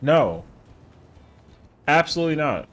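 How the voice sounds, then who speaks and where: A man's voice: on the high side, big pitch swings, unhurried, a bit bright. A man streaming a game live, chatting casually with viewers in a rambling, slangy way. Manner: rambling, slangy, answers chat.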